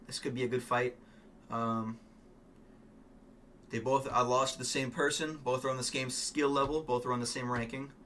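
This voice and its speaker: Bright-voiced opinionated fight-fan guy. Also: mid-range voice, steady tone, moderate pace, long pauses, a little hiss or hum. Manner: rambling, opinionated, swears, frequent ums. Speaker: MMA fan vlogger. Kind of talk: casual fight commentary.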